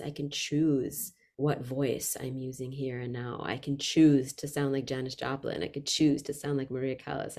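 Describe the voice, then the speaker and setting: Low-voiced expressive woman vocalist. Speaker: vocalist and voice workshop leader. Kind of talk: reflective interview conversation.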